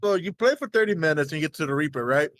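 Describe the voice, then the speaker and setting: A young man co-hosting a casual gaming chat, halting and stammering as he asks questions. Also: a little high, animated, a bit bright, no room sound. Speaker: podcast co-host.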